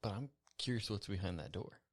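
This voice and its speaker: A man's voice: fairly low pitch, brisk. A man playing a tabletop game in character, easygoing and rambling. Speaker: player. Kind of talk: in-character tabletop role-play.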